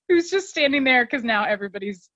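A woman's voice: mid-range voice, no room sound. Woman podcast host, casual recap, dull dry recording. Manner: chatty, filler-heavy, laughs often.

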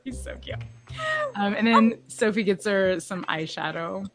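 A woman co-hosting a podcast, chatting casually about a TV episode with frequent laughs and quick asides. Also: mid-range voice, over music. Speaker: podcast co-host. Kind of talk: casual chat recapping a TV episode.

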